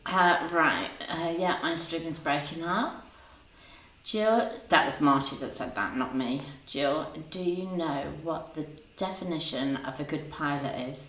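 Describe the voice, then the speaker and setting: A woman in her fifties with a low voice talks slowly and easily, greeting viewers by name and joking with them. She sits a little back from the mic, and the room is echoey around her. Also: a bit bright. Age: 50s. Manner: chatty, teasing, laughs often. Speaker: livestream host reading chat. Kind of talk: casual live chat. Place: home room. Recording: roomy sound, voice a bit far from the mic.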